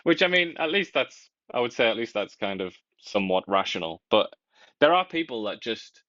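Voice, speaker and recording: A man's voice: medium pitch, big pitch swings, moderate pace, a bit bright, dry recording, lo-fi sound. A man co-hosting a talk show, giving wry, sardonic commentary in casual chat. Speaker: co-host.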